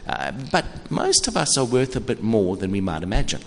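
A man in his sixties preaching a sermon, conversational and animated, often restarting his words. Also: low-pitched, fairly quick, creaky, hardly any pauses, a little hiss or hum. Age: 60s. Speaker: pastor. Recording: echoey hall with faint ambience.

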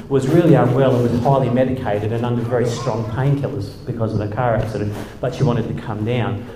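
Wry man telling stories. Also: mid-range voice. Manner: self-deprecating, wry, chuckling asides. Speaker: speaker, former church leader. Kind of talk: humorous storytelling talk. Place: hall with a live audience. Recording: echoey hall.

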